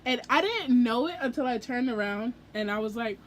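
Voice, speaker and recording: A young adult woman telling a story in a casual book vlog, gushing and excitable, acting out her own reactions as she goes. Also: on the high side, moderate pace, a little hiss or hum. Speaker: book vlogger.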